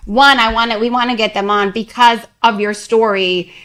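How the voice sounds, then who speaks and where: Chatty connecticut woman hosting, kinda high voice, rambly questions, laughs a lot. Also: steady tone, normal speed, fairly bright tone. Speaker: podcast host. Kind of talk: casual interview chat.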